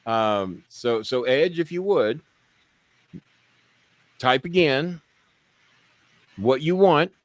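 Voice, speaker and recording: A man's voice: mid-range voice, expressive, very slow, pauses often, no room sound. A man hosting a casual live stream, rambling, swearing freely and haggling with viewers. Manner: rambling, profane, bargaining with viewers. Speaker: show host.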